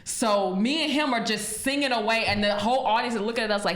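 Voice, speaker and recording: Animated woman podcast host, echoey room. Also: sits high, moderate pace, few pauses. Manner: animated storytelling, laughs often. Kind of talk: casual chat.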